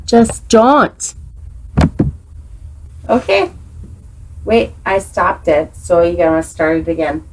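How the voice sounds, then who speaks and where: Lively, slow-talking woman. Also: fairly low pitch, slight background noise, rough recording. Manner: playful, irreverent, teasing interjections. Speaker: assistant, co-host. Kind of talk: casual chat.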